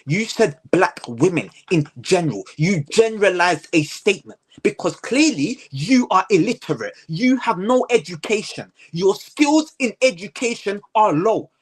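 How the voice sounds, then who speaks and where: A man hosts a casual commentary show. He rants heatedly and hammers the same phrases over and over, his speech full of slang. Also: high voice. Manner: heated, repetitive ranting with slang. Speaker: host.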